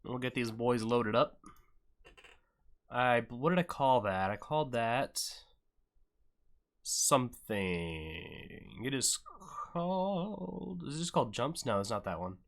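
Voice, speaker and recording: A man's voice: mid-range voice, expressive, takes it slowly, vocal fry, pauses often. A young adult man hosting a live stream, commentating an event in a casual style and bantering jokingly with chat. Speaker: livestream host and event commentator.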